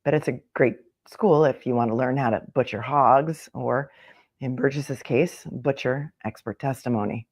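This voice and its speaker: A woman's voice: a bass voice, normal speed, darkish tone, breathy edge. A middle-aged woman attorney hosting a live-stream, reading a newspaper column aloud and breaking off for wry, chatty asides. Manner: wry, with chatty asides between read passages.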